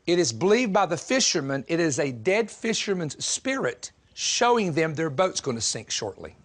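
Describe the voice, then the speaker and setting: A man from the southern United States preaching a sermon, telling stories in an animated, joking way and laughing often. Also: fairly high pitch. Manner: animated, humorous storytelling with frequent laughter.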